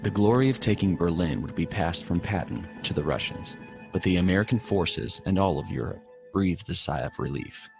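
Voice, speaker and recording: A man narrates a documentary in a measured, formal style. His voice is very deep with a gravelly edge, and music runs beneath the narration. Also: lively intonation. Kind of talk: scripted narration. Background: background music.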